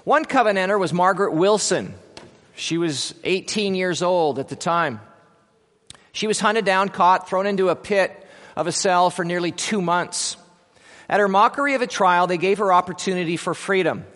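A male pastor giving an Easter sermon, telling a story dramatically, swinging between loud declaiming and quiet moments. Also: sits high, moderate pace, long reverb tail. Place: church.

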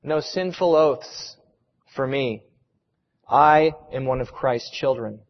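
A man voicing a calm, steadfast young woman martyr who answers softly and quietly, heard in a sermon retelling. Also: a little high, slow pace. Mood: resolute. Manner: quiet, soft-spoken replies. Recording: reverberant hall, muffled sound.

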